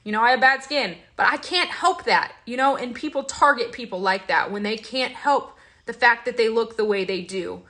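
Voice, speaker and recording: A woman's voice: on the high side, lively intonation, moderate pace, pushed and bright. A young woman hosting a casual vlog, talking in an emotional, confiding way with many fillers and restarts. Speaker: host.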